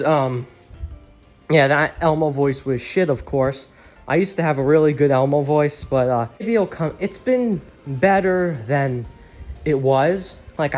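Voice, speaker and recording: A young man talks straight to his audience in a loose, rambling way, with the odd swear word thrown in. His voice sits a little high for a man. Faint music plays in the background. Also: darkish tone. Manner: rambling, candid, swears freely. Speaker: YouTuber. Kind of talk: casual chat.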